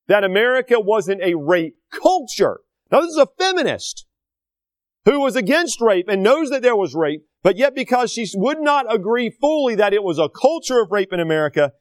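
A man preaching with a high, lively voice that swings widely in pitch. He is indignant and sarcastic, and his voice sounds dry and close. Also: dry recording. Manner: animated, indignant, sarcastic asides. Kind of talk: sermon.

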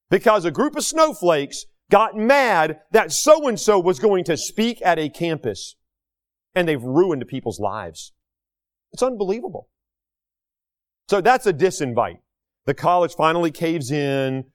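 A talk show host with a fairly high voice delivers an indignant opinion monologue. His pitch swings widely, and he hammers his points home with rhetorical questions and repetition.

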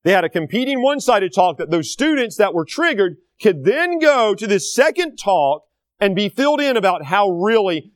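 A man preaching with a high, lively voice that swings widely in pitch. He is indignant and sarcastic, and his voice sounds dry and close. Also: normal speed, dry recording. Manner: animated, indignant, sarcastic asides. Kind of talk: sermon.

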